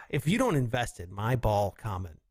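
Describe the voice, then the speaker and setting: A man's voice: fairly low pitch, sing-song, unhurried, darkish tone, no room sound. A man with a Southern drawl hosting a comedy podcast, chatting casually and slipping into silly voices and bits. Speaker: podcast host.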